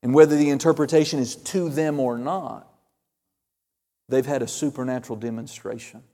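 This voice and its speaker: A man preaching a fervent sermon, calling out amens and hallelujahs, swinging between loud and hushed. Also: mid-range voice, steady tone, moderate pace, long reverb tail. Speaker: pastor.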